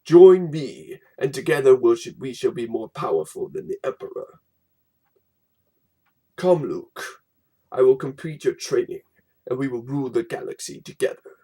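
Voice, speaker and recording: A man voicing a menacing dark lord villain, reading lines aloud from a storybook in a deep, slow, dramatic voice. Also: expressive, husky, low-quality recording.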